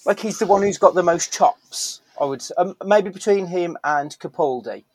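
A man's voice: sits high, moderate pace, no room sound, rough recording. Male host, outspoken and profane, dead-dry recording. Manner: blunt, profane, opinionated. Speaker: podcast host. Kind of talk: casual chat.

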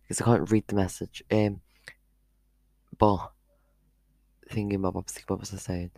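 A man's voice: low voice, flat delivery, normal speed, creaky, pauses often, a little mellow, no room sound. A teenage boy chatting casually on a live stream into a headphone mic, rambling and losing his thread. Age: teens. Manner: chatty, meandering, loses his train of thought. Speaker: vlogger.

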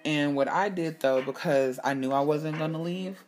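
A woman hosting her own show, telling a personal story in a candid, animated way, swearing freely and acting out what people said. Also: low-pitched, moderate pace, soft background music. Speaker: podcast host. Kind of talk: casual storytelling monologue.

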